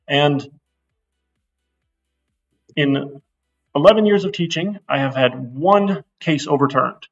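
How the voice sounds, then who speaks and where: A man's voice: fairly high pitch, vocal fry, fairly bright tone, distant mic, muffled recording. A middle-aged man giving a casual, blunt course intro lecture to a class, getting worked up as he talks. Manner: blunt, chatty, gets worked up. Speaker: university instructor.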